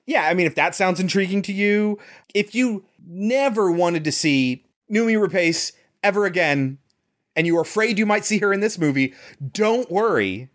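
A man's voice: high-pitched, lively intonation, normal speed. An American man in casual conversation reviewing a movie, explaining at length and swearing now and then. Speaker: movie podcast co-host. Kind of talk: casual film review chat.

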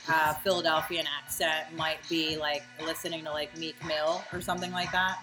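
A woman's voice: low voice, little pitch movement, moderate pace, music in the background. A woman hosting a casual chat, blunt and profane, joking with her guests. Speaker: podcast host.

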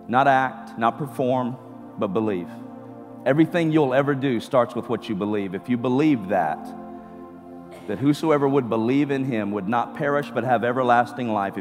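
A pastor preaching a sermon to a church congregation, with rising emphatic bursts. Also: male voice, mid-range voice. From California. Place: church sanctuary. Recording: church hall reverb with music.

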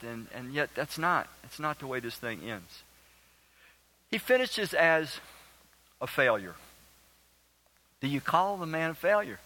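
Bright-voiced man preaching a sermon. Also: on the high side, poor audio. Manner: asks the congregation questions; emphatic and earnest. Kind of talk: sermon with Bible reading.

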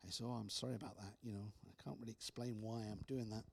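A man preaching, telling personal stories with restarts and soft, hushed drops. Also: on the low side, fairly even intonation, quick pace, creaky, breathy edge. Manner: storytelling with repeated restarts, soft dramatic drops. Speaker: speaker. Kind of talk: preaching testimony.

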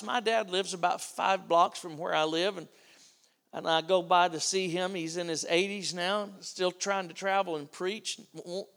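A man's voice: sits high, vocal fry, a bit bright. A middle-aged man preaching a sermon, telling a family story and acting out its dialogue.

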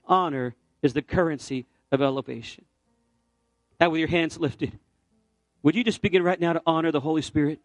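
A man's voice: a little high, normal speed, dry recording, soft background music. A middle-aged man preaching, telling a personal story and then leading a fervent altar call. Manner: storytelling, building to fervent exhortation. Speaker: pastor. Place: church sanctuary.

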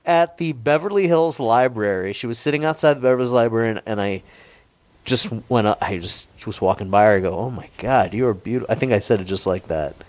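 A man's voice: fairly low pitch, fast talker, no echo. A man in his forties telling a long, rambling, profane story in a casual chat, with frequent restarts. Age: 40s.

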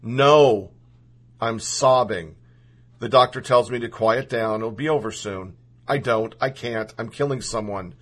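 A man's voice: fairly low pitch, moderate pace, a bit bright. Earnest man reading a personal story.

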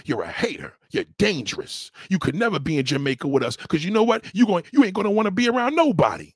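A man's voice: sits high, husky, dry recording, studio quality. A man hosting a livestream, scolding a viewer in a heated, repetitive rant. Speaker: livestream host. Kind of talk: ranting commentary.

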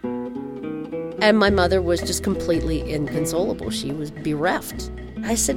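A woman telling a personal story in a wry, animated way. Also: fairly low pitch, normal speed. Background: music.

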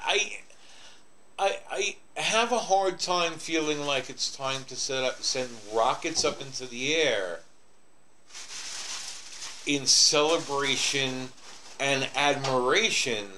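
A man's voice: fairly high pitch, pushed and bright, a little hiss or hum, rough recording. A man co-hosting a podcast in casual chat, hesitant with stammering restarts. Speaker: podcast co-host.

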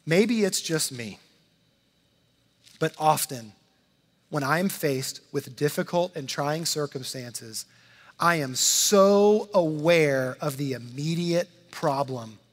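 Male pastor, high-pitched, conversational sermon delivery, acts out quotes, long hall reverb. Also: lively intonation, slow pace. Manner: conversational preaching, dramatizes quotes, repeats words.

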